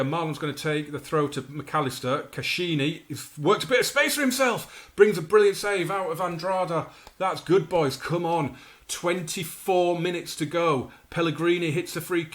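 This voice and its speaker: A man casually narrating his own football management game, with chatty asides and sudden excited outbursts over the action. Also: on the high side. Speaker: gaming YouTuber. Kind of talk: commentating his own video game playthrough.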